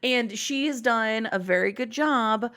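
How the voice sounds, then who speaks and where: A woman's voice: a little high, a bit bright. A woman hosting a casual podcast chat, rambling and swearing freely. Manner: swearing, rambling, quick asides. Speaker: podcast host.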